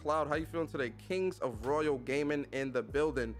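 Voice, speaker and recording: Slangy, lively male podcast host. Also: fairly high pitch, normal speed, soft background music. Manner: energetic, slangy shout-outs to chat. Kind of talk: casual livestream chat.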